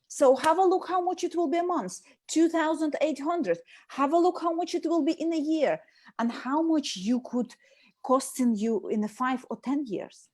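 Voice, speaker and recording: A woman with a Russian accent, a transformation coach talking fast and emphatically in a casual video chat. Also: high-pitched, a little mellow.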